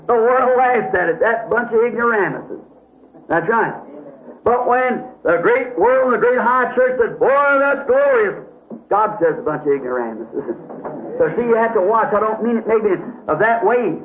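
High-pitched preacher guy, folksy, keeps going "see?", tinny old tape. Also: echoey room, slight background noise. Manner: folksy, repeats "see?" often, self-correcting. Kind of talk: question-and-answer sermon.

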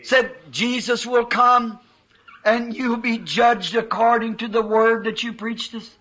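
A male preacher delivers a fervent, emotional sermon in a very high, bright voice. He speaks slowly, drawing out his testimony and acting out the quoted voices of his vision. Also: fairly even intonation, rough recording.

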